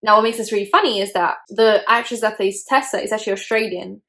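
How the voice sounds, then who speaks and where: A woman's voice: mid-range voice, fast, a bit bright. Chatty young woman reacting to a movie. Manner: chatty, opinionated, lots of "like". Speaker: YouTuber host. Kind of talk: casual movie reaction commentary.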